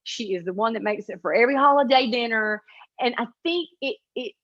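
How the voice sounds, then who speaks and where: A woman with a flat, nasal upstate South Carolina Appalachian accent, chatting in an interview with lots of fillers and restarts. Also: fairly high pitch, fairly quick, lo-fi sound. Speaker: author and comedy creator. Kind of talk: interview answers.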